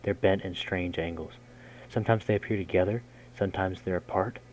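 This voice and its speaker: A man reading a game's story text aloud in a measured way, breaking in with casual, slangy jokes as a gaming host. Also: low voice, fairly even intonation, darkish tone, a little hiss or hum, poor audio. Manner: measured narration broken by casual slangy comments. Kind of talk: reading game text aloud with jokey asides.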